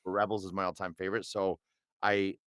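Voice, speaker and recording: A man's voice: low voice, little pitch movement, fairly quick, fairly bright tone, clear, resonant tone, no echo, clean studio sound. A middle-aged man, a voice actor, chatting as a guest in an interview with lots of fillers and restarts. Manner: rambling and hesitant, with many fillers and restarts. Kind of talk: casual interview chat.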